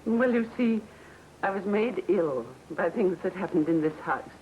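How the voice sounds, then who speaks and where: An actress playing a gentle, patient mother back home after a long illness, with calm, consoling speech in an old television drama. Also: fairly low pitch, unhurried, dull audio, a little hiss or hum. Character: gentle mother returned from a mental hospital. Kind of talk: 1960 television drama acting.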